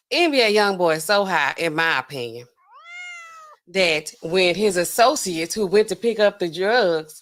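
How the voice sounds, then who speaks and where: A woman with a Southern US accent hosting a podcast, telling stories in a slangy, laughing, animated way and acting out other people's voices. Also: mid-range voice. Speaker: podcast host. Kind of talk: casual storytelling commentary.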